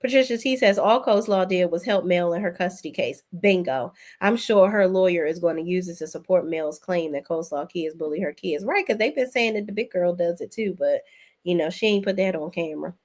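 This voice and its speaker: A woman's voice: fairly low pitch, fairly quick, darkish tone. A woman, hosting a casual live stream where she reads viewer comments aloud and reacts with chatty gossip. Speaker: YouTube host reading live chat.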